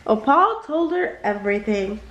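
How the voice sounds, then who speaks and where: Lively, high-voiced woman reading a bedtime story. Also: moderate pace, echoey room, dull audio. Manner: expressive, jumps high for characters' lines. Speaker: storybook reader. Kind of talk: bedtime read-aloud.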